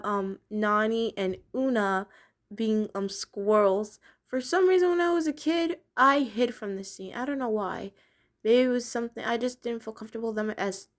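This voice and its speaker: Chatty young woman, giggles a lot, rambly cartoon review talk. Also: mid-range voice. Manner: chatty, giggly, many fillers and restarts. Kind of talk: casual spoken review.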